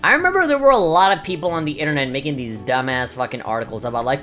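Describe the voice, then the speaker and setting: Low, lively crude game commentator. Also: female voice, racing, hardly any pauses. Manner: crude, sarcastic, jokey. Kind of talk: let's play commentary. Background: game music.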